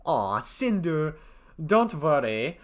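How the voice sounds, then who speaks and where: A man's voice: on the high side, very animated, slow pace, pitched above the performer's own voice. A man putting on a breezy female streamer with a mock German accent. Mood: reassuring.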